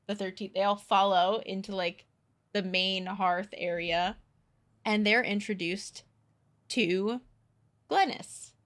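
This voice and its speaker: A woman co-hosting a podcast, casually recapping a book and chatting. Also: medium pitch. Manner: relaxed, recapping the plot with acted quotes. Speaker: podcast co-host.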